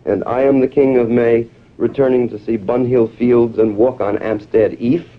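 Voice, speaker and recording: A man's voice: mid-range voice, fairly even intonation, moderate pace. Man chanting a poem, dull old recording. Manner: declamatory, chant-like repetition. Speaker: poet. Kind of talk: reading his own poem aloud.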